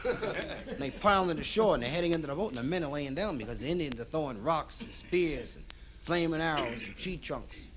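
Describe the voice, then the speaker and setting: Lively, playful stand-up storyteller, man. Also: a little high, brisk. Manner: playful, laid-back storyteller. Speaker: stand-up comedian. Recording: noisy old live album recording.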